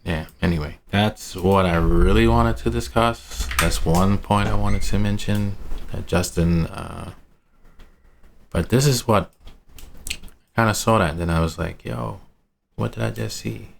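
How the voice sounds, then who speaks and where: A man's voice: low voice, measured pace, gravelly, a little hiss or hum. A man in a casual, rambling screen-share market review who talks to himself, uses city slang and laughs at his own asides. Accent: American urban slang. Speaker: trading analyst.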